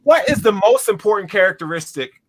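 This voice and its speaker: A man hosting a casual sports talk show, animated and joking with his panel. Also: high-pitched, brisk. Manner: animated, joking, breaks into laughs. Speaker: host. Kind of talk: casual sports podcast chat.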